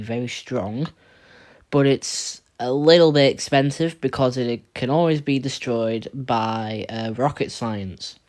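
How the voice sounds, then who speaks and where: A man giving casual tier list commentary on a card game, rambling and blunt, often stumbling and restarting his words. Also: medium pitch. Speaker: card game video creator.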